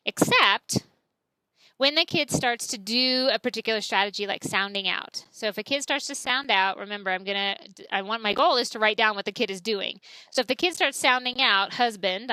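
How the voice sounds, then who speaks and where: A woman's voice: a little high, sharp tone, no echo, rough recording. A woman, teaching a class in a chatty, explanatory way and saying example words aloud. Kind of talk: classroom lecture.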